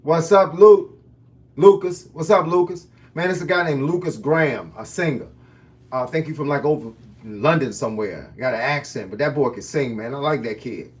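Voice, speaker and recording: A fitness coach in his fifties talks through viewers' questions on a live stream. He speaks in a relaxed, folksy way, full of plain slang, with a voice of ordinary pitch for a man. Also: fairly quick, distant mic. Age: 50s.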